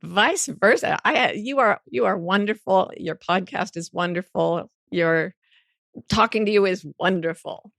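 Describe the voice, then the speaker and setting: Gravelly, frank woman in her sixties. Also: mid-range voice, unhurried, no echo, studio quality. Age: 60s. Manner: animated storyteller, playful, swears freely. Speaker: guest author. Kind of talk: podcast interview.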